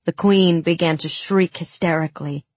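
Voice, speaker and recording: A woman narrating a fantasy audiobook in the first person, with steady, dramatic storytelling on a close studio mic. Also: fairly low pitch, moderate pace, dry recording.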